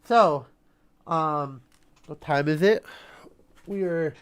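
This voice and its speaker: Slow, rambling man chatting on a stream. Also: fairly high pitch, clean tone. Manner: rambling, halting, laughs often. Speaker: podcast co-host. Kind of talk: casual live-stream chat.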